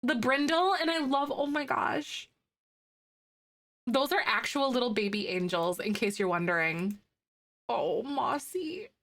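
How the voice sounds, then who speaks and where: A woman's voice: a little high, unhurried. A young woman, chatting casually on a live stream and reading viewer comments, gushing and cooing over pet photos. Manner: gushing, excitable, coos over pets.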